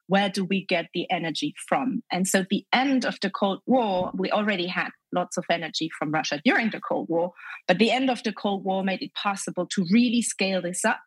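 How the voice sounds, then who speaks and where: A woman from Germany with a German accent, calmly explaining economics as an interview guest in measured, structured answers. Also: medium pitch, husky, no room sound, rough recording.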